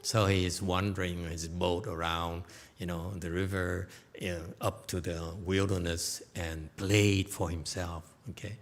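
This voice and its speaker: A man gives a Buddhist dharma lecture with a low voice and a slow, unhurried pace. He tells stories informally and keeps asking "okay?" to check that listeners follow. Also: level tone. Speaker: Buddhist teacher. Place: temple lecture hall.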